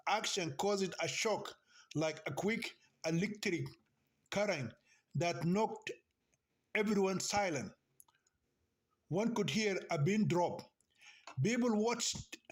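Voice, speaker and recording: A man reading a novel aloud as narrator, slowly and carefully, with small restarts. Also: high voice. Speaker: audiobook narrator.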